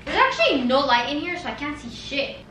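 A woman's voice: high voice, sing-song, a little fast. An eighteen-year-old woman vlogging from her new apartment, car and stores, chatting casually with lots of slang and swearing. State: tired. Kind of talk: casual vlog chat. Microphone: handheld camera. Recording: echoey rooms with background noise.

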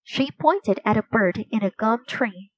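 A woman reading a children's story aloud, clear and gentle, at a slow pace. Her voice sits fairly high. The sound is dry and close. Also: lively intonation, no echo, poor audio. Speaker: storybook reader.

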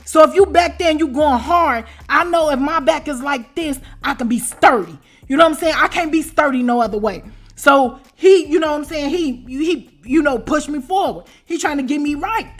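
A woman in her forties telling a story in a casual, animated way, full of slang and repeated asides. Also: high voice. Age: 40s. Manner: animated, repeats "you know what I'm saying". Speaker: storyteller vlogger.

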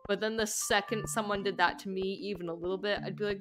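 A gaming streamer talks very quickly in a steady, mid-range voice. She rambles playfully and giggles often in casual live-stream chat as she plays, with game music behind her.

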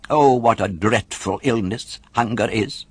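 A man's voice: fairly low pitch, measured pace, husky, dry recording. A man voicing a hungry, impulsive wooden puppet boy in a storybook reading, fretting aloud to himself. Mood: sobbing. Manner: fretful, talking to himself. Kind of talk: audiobook character voice.

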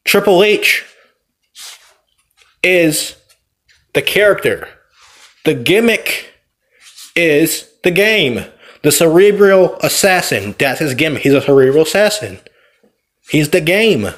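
Man with a fairly high voice for casual gameplay commentary. He rambles, circles back and corrects himself. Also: very animated, slow, pauses often, a bit bright. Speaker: wrestler and vlogger. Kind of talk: casual opinion vlog over gameplay.

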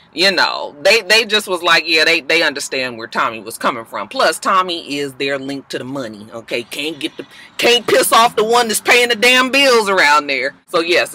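Brief: woman vlogger, very bright edgy tone, sassy and profane, gossipy recap delivery. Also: fairly low pitch, rough recording. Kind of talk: casual episode recap commentary.

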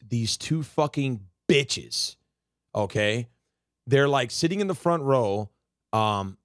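A man's voice: a little high, no room sound, clean studio sound. A man streaming a game, ranting heatedly and swearing constantly in casual chat. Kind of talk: casual live-stream rant.

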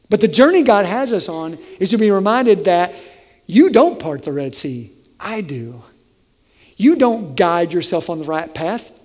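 A male pastor preaching a conversational, animated sermon in a church sanctuary. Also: high voice. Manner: conversational, animated, acts out voices. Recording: long hall reverb.

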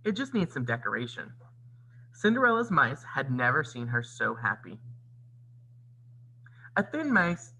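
A man reads a children's storybook aloud in an expressive, teacherly way, his voice rising and falling a lot. The tone is bright with a gravelly grain. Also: a little high, rough recording. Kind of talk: read-aloud storybook narration with comments.

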